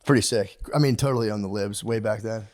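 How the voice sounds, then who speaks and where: A man's voice: fairly low pitch, quick pace, a little mellow. Rambling, profane man chatting on a podcast. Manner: rambling, profane, laughs often, does mocking voices in quotes. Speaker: podcast co-host. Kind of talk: casual chat.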